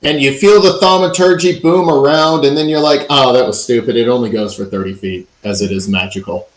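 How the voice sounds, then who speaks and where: A man running a tabletop game as dungeon master, narrating events in a relaxed storytelling way. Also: medium pitch, fairly quick, reverberant, soft background music, poor audio.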